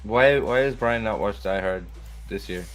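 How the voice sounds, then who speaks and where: A man's voice: on the low side, normal speed, soft background music. A man hosting a casual livestream, who jokes, rambles and swears as he chats. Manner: joking, rambling and profane. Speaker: streamer host.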